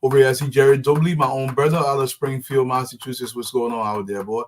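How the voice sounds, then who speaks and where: A man's voice: mid-range voice, fairly even intonation, fast, slight background noise. A man runs a live talk show and greets his audience by name. His delivery is friendly and rambling, full of fillers and restarts, in an ordinary mid-range voice. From Liberia. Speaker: show host.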